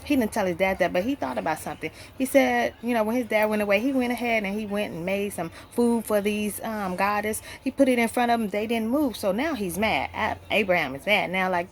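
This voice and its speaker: A woman's voice: mid-range voice, fairly quick, hardly any pauses, a little hiss or hum. A woman giving a casual Bible lesson, talking conversationally, with many fillers and rhetorical questions. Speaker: Bible teacher.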